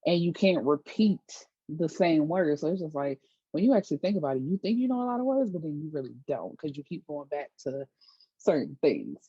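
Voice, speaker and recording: A woman's voice: low-pitched, sing-song, brisk, warm tone, slightly rough, no room sound. A woman giving a casual, chatty TV episode recap, retelling scenes with lots of fillers. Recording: dull lo-fi dry recording.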